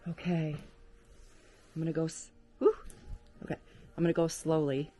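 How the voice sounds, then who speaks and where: A woman vlogger narrating as she explores an abandoned farmhouse attic, chatty and exclaiming at creaking floors, recorded on a handheld camera. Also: low voice, level tone, normal speed, mellow, slight background noise.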